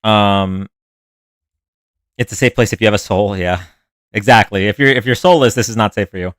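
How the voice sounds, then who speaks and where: A livestream host with a lowish, fairly bright voice chats casually and ramblingly with viewers at a moderate pace, reacting to their comments. The recording is dry.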